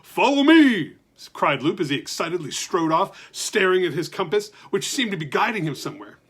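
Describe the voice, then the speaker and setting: A male storyteller narrates a children's tale with lively, expressive delivery. His voice is husky and sits on the high side, rising and falling animatedly as he reads. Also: fairly quick. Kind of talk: reading a children's story aloud.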